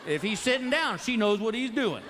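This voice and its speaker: A middle-aged man doing stand-up comedy, telling stories in an animated, exasperated way and slipping into put-on voices. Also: sits high, brisk. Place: comedy stage before a live audience. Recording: live show with loud crowd noise.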